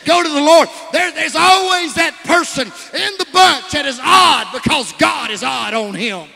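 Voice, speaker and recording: A man preaching a sermon, swinging from shouts to hushed asides and calling out to the congregation. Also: very high-pitched, a little slow, gravelly, in a large hall. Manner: calls out to the congregation.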